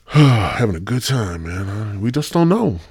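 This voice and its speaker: Male podcast host, lowish voice, dry close sound, rambling profane rant. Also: very animated, takes it slowly, a little mellow, husky, no echo. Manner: rambling, heavy swearing; sardonic, joking asides. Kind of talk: casual solo rant.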